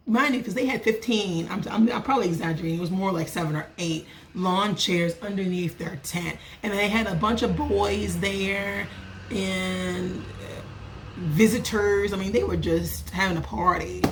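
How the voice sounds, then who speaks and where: A woman, vlogging as a small business owner and telling a story in a casual, animated way. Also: a little slow, a little hiss or hum. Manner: animated, acts out other people's lines with lively pitch jumps. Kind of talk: casual storytelling rant to camera.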